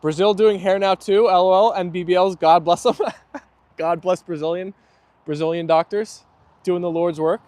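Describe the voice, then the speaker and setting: A man's voice: sits high, fairly even intonation, moderate pace, darkish tone, no echo. A young man hosting a live stream outdoors, chatting easily and reading viewer comments aloud while his dogs play. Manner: chatty and easygoing, laughs often. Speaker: livestream host.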